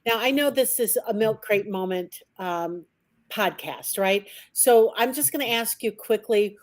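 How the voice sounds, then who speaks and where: A woman hosts a relaxed podcast interview in a friendly, conversational way. She sits at a middling pitch and keeps tossing her guest small questions to draw her out. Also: unhurried. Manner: friendly, conversational, frequent "right?" check-ins. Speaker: podcast host.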